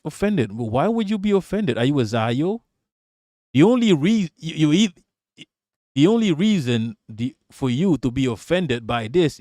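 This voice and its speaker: A man's voice: medium pitch, a little mellow, no room sound, studio quality. A man hosting a live political stream, reading chat and ranting with a lot of swearing. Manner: profane, ranting, talks back to chat.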